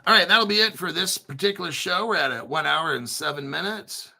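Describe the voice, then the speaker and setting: A man's voice: fairly high pitch, a little fast, vocal fry, pushed and bright. A man hosting a crypto livestream, talking in a blunt, profane, rambling way and reading viewer chat aloud. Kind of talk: casual livestream commentary.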